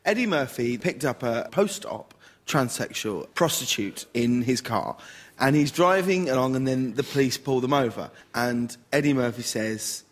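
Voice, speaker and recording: A man's voice: medium pitch, expressive, moderate pace. A man as a guest on a radio comedy panel show, telling anecdotes animatedly with bursts of laughter.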